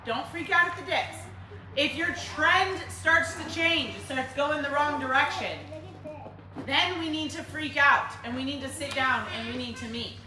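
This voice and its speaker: A woman fitness coach talking to a group in a lively way, asking them questions and acting out her clients. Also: high-pitched, recorded from a distance. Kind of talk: group workshop talk. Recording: roomy, from across the room, faint noise.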